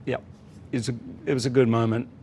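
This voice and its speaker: A man with an Australian accent, a guest in a casual interview, telling a story with lively acted quotes. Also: medium pitch, fast talker, slight background noise. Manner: animated storyteller, acts out quotes. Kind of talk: casual chat.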